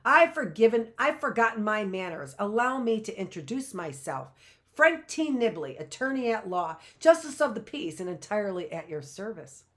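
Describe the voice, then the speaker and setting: A woman voicing a smooth-talking, jovial male lawyer with grandly polite, hearty speech in a storybook reading. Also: medium pitch, sing-song, moderate pace, lightly acted. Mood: effusive.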